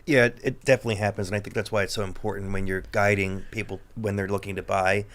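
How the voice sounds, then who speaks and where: Gravelly-voiced male housing advisor. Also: fairly low pitch, level tone, fast talker, fairly bright tone. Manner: practical, advising. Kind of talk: radio discussion.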